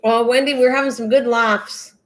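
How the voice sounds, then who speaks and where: A woman's voice: a little high, steady tone, moderate pace. An older woman hosting a casual craft livestream, chatting in a rambling way and laughing often as she talks to viewers by name.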